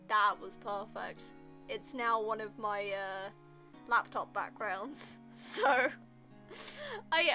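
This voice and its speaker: A woman's voice: fairly high pitch, sharp tone. A British woman streaming a game, chatting with viewers in a playful, crude, joking way. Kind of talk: casual gameplay commentary.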